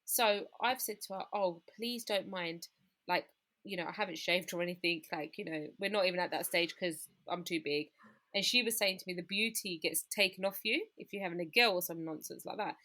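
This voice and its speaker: A woman's voice: on the low side, a little fast, sharp tone. A woman, telling her personal story as a guest in an interview, candid and full of quoted dialogue.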